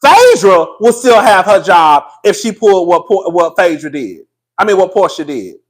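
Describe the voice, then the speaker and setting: A young man hosting casual gossip commentary, animated and profane, laughing often. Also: high voice, moderate pace.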